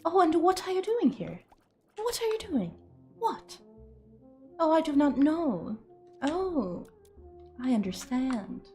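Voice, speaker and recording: A woman's voice: mid-range voice, steady tone, normal speed, hardly any pauses, soft background music, natural voice. A woman voicing a posh, prim lady with an exaggerated transatlantic accent. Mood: haughty.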